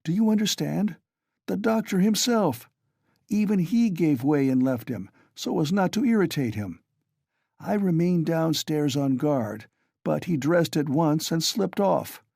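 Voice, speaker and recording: A man's voice: fairly high pitch, animated, measured pace, creaky, dry recording, clean studio sound, voice pushed up, exaggerated voice. Man doing a tipsy, blustering young friend. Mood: urgent. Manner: loud, blustering.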